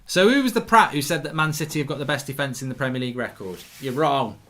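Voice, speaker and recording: Excitable man hosting a football watchalong. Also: mid-range voice, fast. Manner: excitable, cheering goals, reading viewer comments aloud. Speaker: watchalong host. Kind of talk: live football watchalong commentary and chat.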